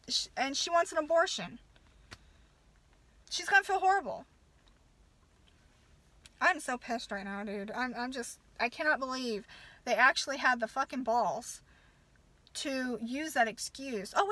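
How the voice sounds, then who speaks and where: Southern-born woman vlogger, heated rant, high pitch, dry recording. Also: pushed and bright, no echo. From American South. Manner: heated, swearing, halting restarts. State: upset. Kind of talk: angry rant to camera.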